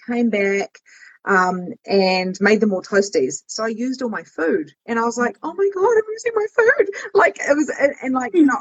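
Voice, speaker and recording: A woman guest telling personal stories candidly in a podcast conversation, with lively quoted asides. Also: medium pitch, breathy edge. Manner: emotional storytelling, swearing, lively quoted asides. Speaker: guest, business coach.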